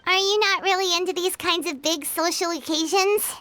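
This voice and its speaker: A woman's voice: very high voice, moderate pace, noisy background. A woman voicing a chirpy little floating girl companion in a video game who talks about herself in the third person. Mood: chatty.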